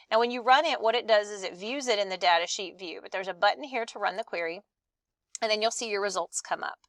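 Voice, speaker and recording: Woman, instructor, step-by-step screen tutorial, gravelly fry, dry close mic. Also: medium pitch, a bit bright, dry recording. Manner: step-by-step, patient, reads instructions aloud then demonstrates. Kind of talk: screen-recorded software tutorial.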